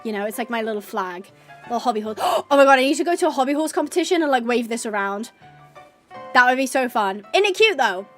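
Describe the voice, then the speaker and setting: A bubbly woman in her twenties streams a game and chats with friends. Her voice sits high and light, and she gushes with lots of filler words and quick laughs. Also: expressive, faint music behind. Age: 20s. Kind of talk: casual chat while gaming.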